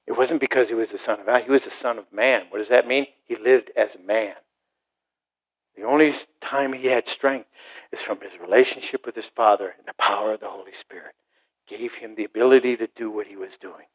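A middle-aged man preaching a sermon to a congregation, animated, acting out short mocking voices and asides. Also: fairly low pitch, a little fast, low-quality recording. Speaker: pastor.

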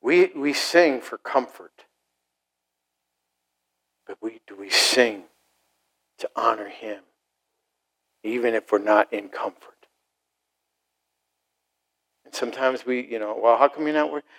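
A middle-aged man preaching a sermon to a congregation, animated, acting out short mocking voices and asides. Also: medium pitch, slow pace, pauses often, slightly rough, low-quality recording. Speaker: pastor.

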